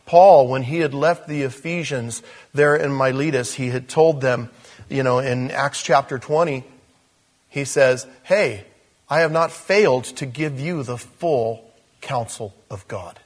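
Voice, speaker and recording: A man preaching a sermon, a husky grain running through his voice. He sits a little higher than most men and talks to the congregation like a conversation, doubling back on phrases and breaking off into asides. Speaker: pastor.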